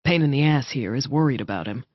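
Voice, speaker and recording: A woman reading voicing a gruff male wolf-shifter soldier who talks bluntly and swears, on a slightly muffled recording. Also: very deep voice, lively intonation, quick pace, no room sound, pitched below the performer's own voice.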